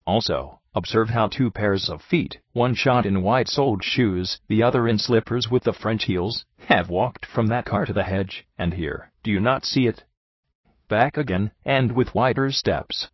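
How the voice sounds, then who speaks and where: A man voicing an excitable, flowery French detective who talks theatrically, on a dull, dry, lo-fi recording. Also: lowish voice, normal speed, slightly rough, no echo. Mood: urgent. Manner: theatrical, effusive, exclamatory.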